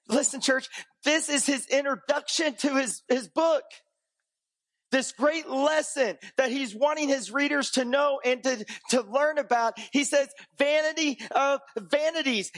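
A man with a notably high voice delivers a sermon in a relaxed, conversational teaching style. He leans on rhetorical questions and dry jokes, rising to emphatic peaks before sinking into low, quiet stretches. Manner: swings between raised emphatic passages and low, quiet ones. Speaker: pastor.

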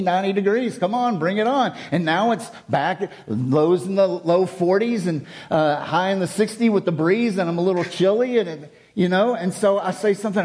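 High-voiced male preacher. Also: a little mellow. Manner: expository, with rhetorical questions and repetition. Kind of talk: sermon.

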